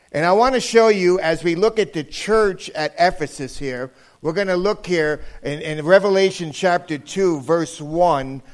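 Male guest preacher, fairly high pitch, relaxed and humorous, builds to emphatic delivery. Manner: joking, conversational, rising to emphatic preaching. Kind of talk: sermon.

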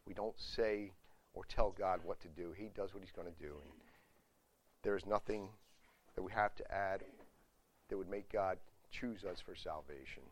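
A man leading a Bible study, reading a church confession aloud slowly and firmly, then explaining it in humble, plain-spoken asides. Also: low-pitched, a little hiss or hum.

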